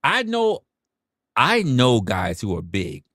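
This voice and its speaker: A man's voice: mid-range voice, huge pitch swings, slow pace, a bit bright, dry recording, clean studio sound. A man hosting a livestream, talking in a casual rant full of rhetorical questions, profanity and stammered restarts. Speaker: livestream host.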